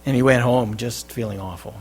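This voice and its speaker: A man preaching a sermon as pastor, with loud stressed phrases that drop to quiet endings. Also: medium pitch, brisk, slightly rough. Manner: emphatic, swinging between loud stresses and quiet drops. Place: church.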